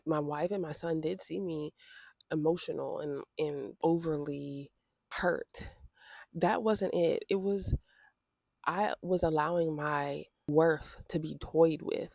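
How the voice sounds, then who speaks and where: Woman, vlogger, storytime, gravelly edge, dry close sound, indignant and emotional. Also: sits low, darkish tone, dry recording. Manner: indignant, emotional retelling with repeated phrases. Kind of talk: storytime vlog.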